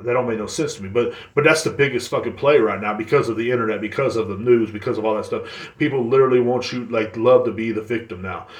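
Male podcast host, casual profane rambler, average pitch, echoey room. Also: fast talker. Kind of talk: casual solo podcast rant.

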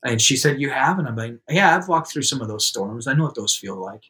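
A man with an average-pitched voice tells a personal story in a casual, chatty way. He acts out what people said with a raised, livelier voice and laughs easily. In serious moments he drops to a soft, quiet voice. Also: brisk. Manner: lively anecdotal telling, acts out quotes in a raised voice. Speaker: guest telling a story.

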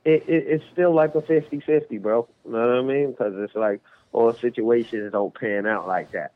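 A man's voice: medium pitch, normal speed. A man co-hosting a casual podcast chat, laid-back and hesitant, full of fillers. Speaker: podcast co-host. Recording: tinny phone-like line.

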